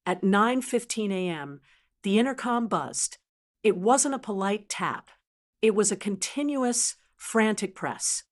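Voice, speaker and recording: An older woman narrating her story in first person in a calm, cold, deliberate way. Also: mid-range voice.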